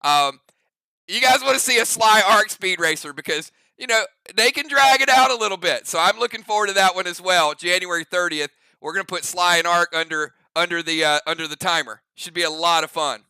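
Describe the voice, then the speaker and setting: Bright, hyped male livestream host. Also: high voice, brisk, clean tone, no room sound, poor audio. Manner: energetic, hyped, talks to chat. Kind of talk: hype livestream chat.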